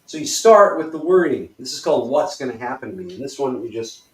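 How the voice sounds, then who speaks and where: Speaking fast at a medium pitch, a man guides learners through each step of a movement exercise, loose and profane, playing up worry and letting out whoops of excitement. He sounds off-mic in an echoey room.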